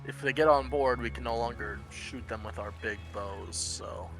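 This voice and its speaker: A man running a tabletop role-playing game as game master, describing scenes and explaining rules in an animated way, often restarting his sentences. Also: mid-range voice, moderate pace, faint music behind, rough recording.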